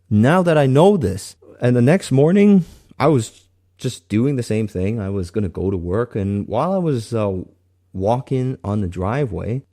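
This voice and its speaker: Earnestly telling his personal faith story, a man stumbles and frequently starts his sentences over. He speaks at a medium pitch with lively intonation and a warm tone.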